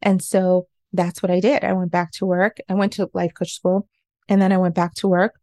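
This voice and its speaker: A woman's voice: lowish voice, level tone, moderate pace, a little mellow, no room sound, clean studio sound. A woman in her forties, a life coach, telling her own story in an interview in an earnest, confessional way. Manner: earnest, confessional, self-questioning.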